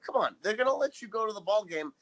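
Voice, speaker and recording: A man's voice: high voice, expressive, quick pace, a bit bright, poor audio. A man co-hosting a podcast, chatting casually and sarcastically about a sitcom episode, swearing now and then. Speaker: podcast co-host.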